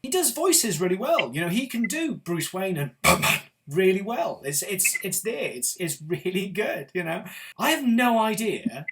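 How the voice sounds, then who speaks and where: A man's voice: high voice, very animated, normal speed, background noise. Opinionated British man reviewing films. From Britain. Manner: enthusiastic, opinionated, swears. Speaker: film show host. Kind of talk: casual film review chat.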